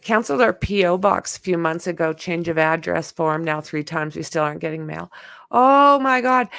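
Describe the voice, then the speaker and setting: A woman's voice: medium pitch, creaky, dry recording, studio quality. A middle-aged woman hosting a casual livestream chat, telling stories with lots of exclamations. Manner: animated storyteller, exclaims often. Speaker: host.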